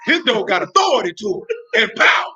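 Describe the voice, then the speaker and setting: A man preaching a sermon in street slang, talking animatedly and breaking into shouts. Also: sits high, very animated, a little fast, breathy edge. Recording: dull lo-fi recording.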